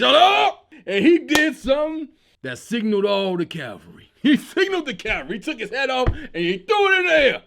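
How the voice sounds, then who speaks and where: A man hosting his own comedy show, telling stories in a loud, excitable monologue and acting out the quotes. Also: high-pitched. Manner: loud, excitable storytelling with acted-out quotes and laughter. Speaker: comedian host.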